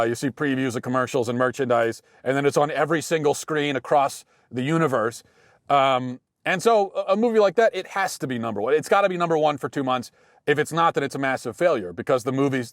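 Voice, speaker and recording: An American man in his thirties hosting a show, talking through a casual monologue with dry, deadpan humor and frequent restarts. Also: mid-range voice, no echo. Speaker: podcast host.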